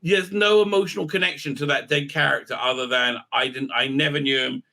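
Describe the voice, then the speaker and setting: A man's voice: a little high, steady tone, brisk, vocal fry, pushed and bright. A man giving an exasperated, sarcastic recap review, full of "uh" fillers. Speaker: YouTube reviewer. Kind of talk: ranting episode recap.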